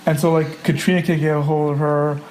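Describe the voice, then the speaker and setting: A young man with a somewhat high-pitched voice tells a personal story in a loose, chatty way. He fills his talk with "like" and "you know", and slips into the voices of people he quotes. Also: brisk, slight background noise. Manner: lively, acts out quoted dialogue, many fillers. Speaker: guest telling a personal story. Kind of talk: casual storytelling.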